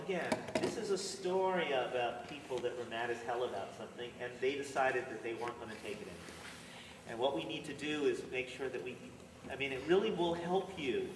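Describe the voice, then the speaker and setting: A man directing a school theater rehearsal, coaching the cast in an earnest, lecturing way. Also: mid-range voice. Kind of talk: rehearsal instructions. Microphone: distant camera mic. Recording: echoey hall, far off, noisy.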